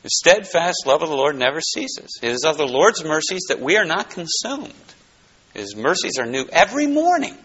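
A pastor teaching verse by verse from the Bible, going from emphatic to hushed. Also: male voice, on the high side, moderate pace, a little hiss or hum. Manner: animated, swings from emphatic to hushed. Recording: dull lo-fi recording.

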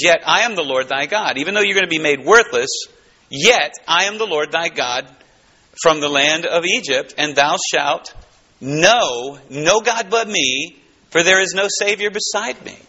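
A pastor teaching verse by verse from the Bible, going from emphatic to hushed. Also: male voice, fairly high pitch, slightly rough. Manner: animated, swings from emphatic to hushed. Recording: dull lo-fi recording.

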